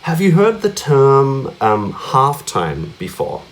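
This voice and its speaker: A man's voice: medium pitch, huge pitch swings, takes it slowly. A man teaching cajon rhythms in a casual lesson, often checking in with questions like "yeah?" and "right?". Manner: chatty, asks many tag questions like yeah and right; counts out beats and vocalizes drum sounds.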